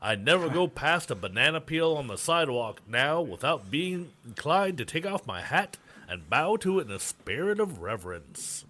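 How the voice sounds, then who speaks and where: A man voicing an old-time vaudeville comedian, speaking slowly in an old-fashioned way. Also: a little high, sing-song, pushed and bright, voice pushed up, exaggerated voice. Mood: solemn.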